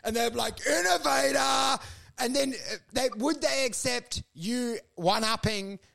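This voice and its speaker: A man's voice: extremely high pitch, measured pace, vocal fry, shouting. A man hosting a podcast, trading crude, profane comedic banter and riffing animatedly. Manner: animated, profane, launches into mocking voices. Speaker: podcast host.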